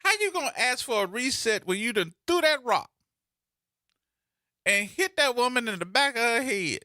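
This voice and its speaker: A man's voice: very high-pitched, animated, normal speed, pushed and bright, dry recording, clean studio sound. A man, hosting a talk radio show with playful, theatrical commentary and mocking put-on voices. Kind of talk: animated commentary with mock skits.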